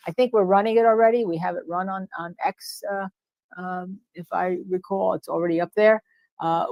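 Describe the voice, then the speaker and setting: Hosting a casual livestream, a woman with a New Jersey accent talks animatedly about a court case, repeating herself and reading chat comments aloud. Her voice is on the low side and creaky, with no echo.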